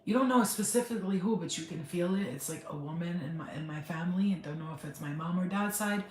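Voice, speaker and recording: A woman's voice: on the low side, quick pace, a little mellow. A middle-aged woman, a spiritual healer, talking to viewers on a live stream while crying, rambling and emotional. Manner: tearful, rambling, talks straight to viewers. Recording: echoey room, faint background noise.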